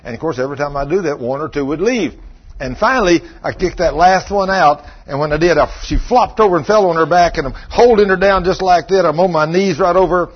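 A middle-aged man, a pastor telling a story in a sermon and acting out the scene with shouted commands. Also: fairly high pitch, brisk, husky, muffled recording.

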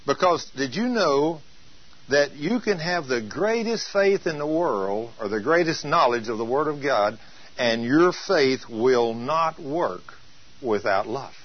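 A male preacher giving an emphatic sermon, drawing out scripture quotes slowly for weight. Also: medium pitch, animated, muffled recording.

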